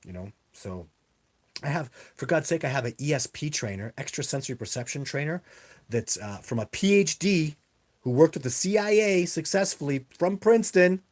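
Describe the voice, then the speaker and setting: A man's voice: fairly high pitch, expressive, normal speed. A man talks straight into a webcam during a live stream, taking viewer questions one after another. He rambles and repeats himself for emphasis. It has the loose, casual feel of an online Q&A. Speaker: livestream host answering viewer questions. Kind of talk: casual livestream Q&A. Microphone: webcam on a live video stream.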